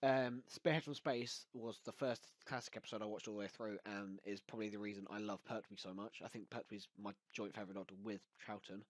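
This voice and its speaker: A man's voice: on the low side, fairly even intonation, brisk, hardly any pauses, dry recording. Chatty man, dry close sound. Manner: hesitant, frequent ums, laughs often. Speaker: host. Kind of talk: casual chat.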